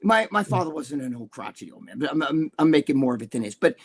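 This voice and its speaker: A man's voice: mid-range voice, big pitch swings, quick pace, vocal fry. An older man chatting as a guest, rambling and profane with many restarts. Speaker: guest, bodybuilding columnist. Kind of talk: casual live chat.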